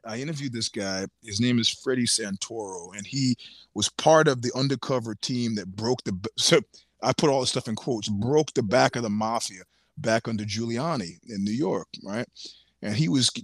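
A man as a podcast guest, telling stories in casual chat, animated, laughing often and swearing freely. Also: mid-range voice, moderate pace, no room sound, clean studio sound.

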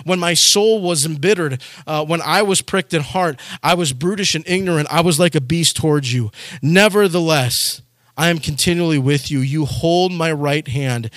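A man's voice: a little high, normal speed, fairly bright tone, no echo, studio quality. A man preaching a sermon, reading scripture aloud and then urging his listeners with rising intensity. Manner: earnest, rising to urgent exhortation.

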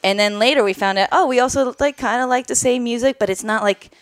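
A woman's voice: on the high side, fast talker, no echo. A woman guest on a podcast, chatting casually and laughing often, with many filler words. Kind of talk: casual chat.

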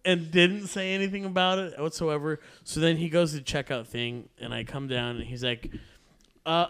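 A man's voice: fairly high pitch, normal speed, a bit bright, clear, resonant tone. A man telling a long, profane story to friends in a casual chat, laughing often as he goes. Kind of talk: casual anecdote among friends.

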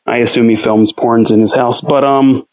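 A man's voice: mid-range voice, normal speed, low-quality recording. A young man casually telling a long story as an interview guest, swearing freely and acting out quoted talk. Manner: profane, rambling, animated quoting. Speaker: interview guest, home cook.

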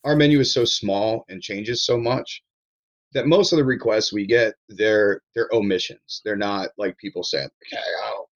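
Low-voiced man with a Baltimore accent. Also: normal speed, muffled recording. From Baltimore area, USA. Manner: candid, rambling, swears casually. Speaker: chef, podcast guest. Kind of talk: casual podcast chat.

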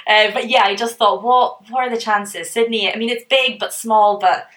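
A woman's voice: on the high side, fairly even intonation, normal speed, a bit bright. A young woman co-hosting a casual podcast, telling dating stories in a chatty way with lots of fillers and laughs. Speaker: podcast co-host. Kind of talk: casual chat.

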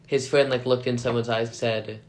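A man's voice: mid-range voice, flat delivery, fairly quick. Laid-back man with dry quips. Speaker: podcast co-host. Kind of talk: casual podcast chat.

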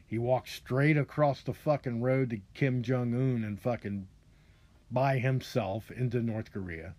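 A man delivers a long, rambling opinion rant as a podcast host. His talk is heavy with profanity, and he keeps stopping and restarting his sentences. His voice sits at an ordinary middle pitch for a man. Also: steady tone, a little slow, darkish tone. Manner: profane, ranting, frequent restarts.

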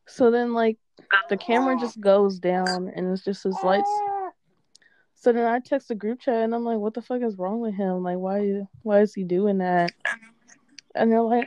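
A woman in a casual chat, telling an animated, profane story and quoting what others said. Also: medium pitch, normal speed, highs cut off, a little hiss or hum.

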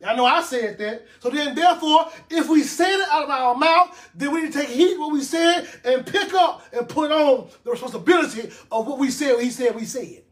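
A man's voice: extremely high pitch, moderate pace, few pauses. A man preaching a sermon, reading scripture aloud and repeating words for emphasis.

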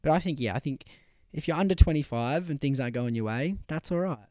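A man's voice: on the high side, expressive, fast talker, dark tone, dry recording, studio quality. A young man chatting as a podcast guest, easygoing and peppered with slang. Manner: easygoing, sprinkles "bro". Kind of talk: casual chat.

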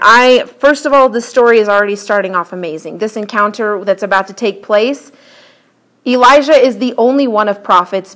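Woman preacher with a fairly high voice, reads the passage, then chats about it; clip-on mic. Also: a bit bright. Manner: conversational, reads scripture aloud and breaks off to comment. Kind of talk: sermon with scripture reading.

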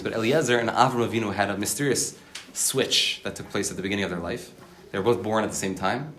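A man giving a Torah lecture, animated and acting out voices as he explains, with an occasional cough. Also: lowish voice. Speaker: Torah teacher.

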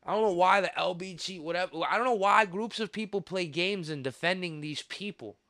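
A man hosting a podcast, ranting in a heated, profane way with sudden loud outbursts. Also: sits high, brisk, no echo, studio quality. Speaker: podcast host. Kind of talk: casual podcast rant.

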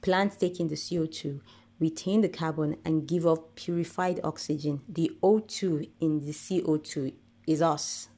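Low-voiced woman, deliberate podcast monologue. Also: fairly even intonation, warm tone. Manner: earnest, deliberate, rhetorical lists. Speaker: podcast host.

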